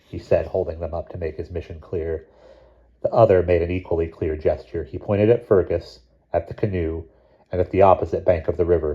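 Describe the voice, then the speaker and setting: A man reading a novel chapter aloud in a measured, steady narration. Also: low-pitched, dull audio. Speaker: audiobook reader. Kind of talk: scripted narration.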